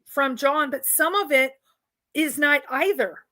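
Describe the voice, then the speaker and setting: A woman's voice: high voice, measured pace, sharp tone, no echo. A woman co-hosting a casual chat, eager and analytical, acting out quotes with animation. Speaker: co-host.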